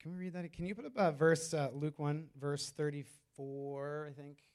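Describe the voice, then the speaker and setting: A man's voice: fairly high pitch, fairly even intonation, normal speed, a little mellow. A man preaching a sermon in a loose, conversational way, with many fillers and restarts. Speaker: pastor.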